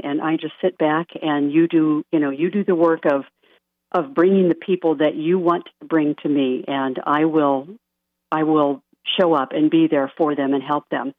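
A woman guest on a radio interview, a life coach, talking softly and earnestly and laughing lightly now and then. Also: low voice, fairly even intonation, normal speed, no echo. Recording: dry tinny phone-line sound.

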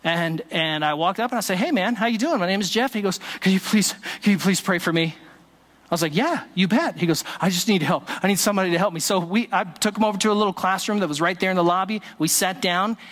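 A man's voice: high-pitched, fast, a bit bright. A man preaching a sermon as pastor, telling a story with quoted dialogue and occasional "uh" fillers. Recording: long hall reverb.

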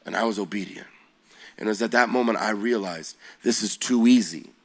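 Man in his forties, youth preacher; low voice, animated storyteller who quizzes the crowd. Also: a little fast. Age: 40s. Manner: animated, slangy, asks the audience questions.

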